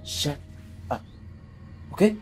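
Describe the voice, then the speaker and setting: An actor playing an abusive, domineering husband in a short film, harsh and commanding. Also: male voice, takes it slowly, natural voice. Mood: furious. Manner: harsh, commanding, shouting threats. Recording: faint music behind.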